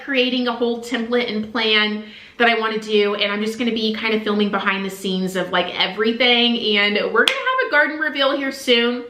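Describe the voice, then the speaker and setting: A woman's voice: on the high side, pushed and bright, reverberant. A young woman vlogger chatting to camera in an earnest, emotional way, full of "like" fillers. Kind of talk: casual chat to camera.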